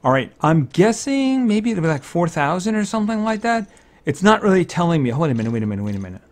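A man giving casual gameplay commentary, thinking aloud, excitable and fretting over each purchase. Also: high voice, fast talker. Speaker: let's-play commentator.

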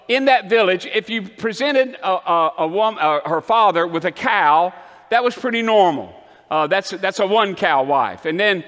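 A man preaching a rousing sermon as pastor in a church, calling the congregation to say amen and building to shouts. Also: high voice, long reverb tail. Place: church sanctuary.

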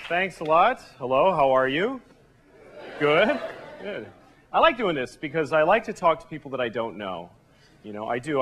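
A man performing a stand-up comedy set on a club stage, talking in a deadpan conversational way with sudden yelps. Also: on the high side, normal speed. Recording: live club recording, audience and room noise.

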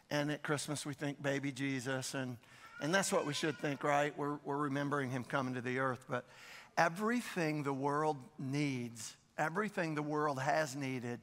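Bright-voiced male pastor in a reverberant church. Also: on the high side. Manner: conversational, repeats phrases, prompts the congregation with questions. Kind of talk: sermon. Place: church sanctuary. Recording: long reverb of a large church hall.

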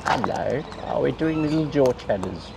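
A man who runs a bird-feeding channel, chatting casually and playfully to wild birds in a high, sing-song baby-talk voice. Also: animated, normal speed, creaky. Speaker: bird feeder and channel host. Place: outdoors with wild cockatoos. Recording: noisy outdoor recording.

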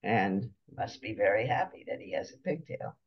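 A man giving an unhurried slide-show lecture, pausing often as he explains each picture. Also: fairly low pitch, lively intonation, slightly rough, dull audio.

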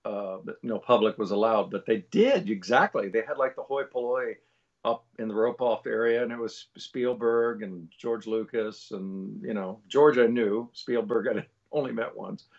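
A man's voice: lowish voice, normal speed, vocal fry, highs cut off. A man, a voice actor guest, telling an anecdote in a rambling way. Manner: rambling, with many fillers and restarts. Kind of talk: storytelling anecdote.

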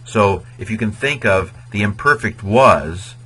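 A man's voice: on the low side, lively intonation, unhurried, fairly bright tone, a little hiss or hum, rough recording. A man teaching Latin grammar in an informal video lecture, chatty and digressive, sometimes chanting verb endings in a sing-song rhythm. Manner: chatty and digressive, with many fillers.

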